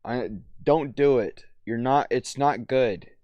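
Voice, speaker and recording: A young man chats casually on a stream, mumbling and apologizing often, with a swear now and then. He speaks at an unhurried, slow pace with a middle-pitched voice, and the sound is dry and close. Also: dry recording, lo-fi sound.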